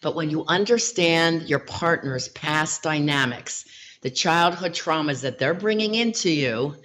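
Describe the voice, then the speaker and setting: A middle-aged woman, a relationship coach as guest, telling client stories in a lively, animated way. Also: deep voice, measured pace. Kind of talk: interview storytelling.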